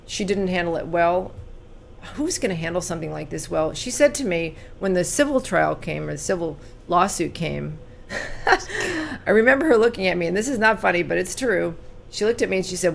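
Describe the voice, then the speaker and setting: A woman in her sixties from California, telling her life story as an interview guest, earnest and animated when recounting, quiet at painful moments. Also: lowish voice, a little fast, vocal fry, a little hiss or hum.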